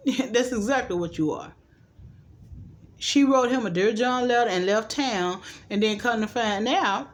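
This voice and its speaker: A woman recapping a TV episode in casual chat, sassy and playful, tossing in asides and acting out the characters' lines. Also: fairly high pitch. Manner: chatty and sassy, quick asides like "child" and "boo"; acts out the characters' lines in quick changes of voice. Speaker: TV recap host.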